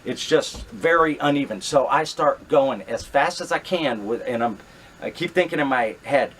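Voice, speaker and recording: A man's voice: medium pitch, moderate pace, a little hiss or hum. Middle-aged man telling a gripping true story. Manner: animated, reenacts his own thoughts, frequent fillers and restarts.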